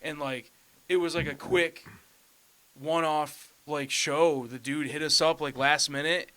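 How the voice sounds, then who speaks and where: A man's voice: fairly high pitch, fairly even intonation, measured pace, sharp tone, clear, resonant tone. A young man, a band member, chatting casually on a podcast and telling a rambling story, full of "like" and "dude".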